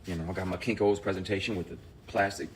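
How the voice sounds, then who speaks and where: Man, very low voice, intense straight-to-camera rant, salty and emphatic. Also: steady tone, fast talker, slight background noise. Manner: emphatic, profane, heated storytelling. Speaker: actor. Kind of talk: impassioned direct-to-camera rant.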